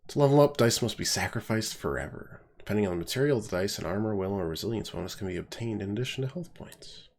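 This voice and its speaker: A man's voice: fairly low pitch, expressive, fast talker, creaky. A man with a stuffy nose giving casual, wry let's-play commentary, thinking aloud as he plays. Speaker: game streamer.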